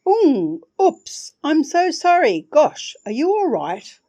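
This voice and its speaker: A woman's voice: high-pitched, huge pitch swings, slow pace, warm tone, pitched above the performer's own voice, heavily acted. A woman voicing a timid, apologetic young woman with a tinkling, sing-song voice in a storybook reading. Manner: flustered, sincerely apologetic.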